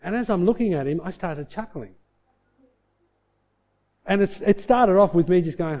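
Animated storytelling male preacher. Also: high-pitched, moderate pace, long pauses, muffled recording. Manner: animated storyteller, rising to loud bursts. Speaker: pastor. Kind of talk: sermon storytelling.

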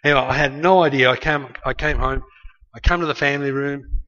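An Australian man tells a family story while preaching, loose and conversational with many restarts. His medium-pitched voice is bright and forceful, fairly quick, with fairly even intonation. The lo-fi recording sounds slightly muffled.

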